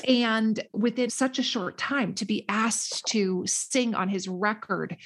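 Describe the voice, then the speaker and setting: Animated woman telling a story. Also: mid-range voice, takes it slowly. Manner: animated, laughing, acts out quotes in voices. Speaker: podcast host. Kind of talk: casual storytelling chat.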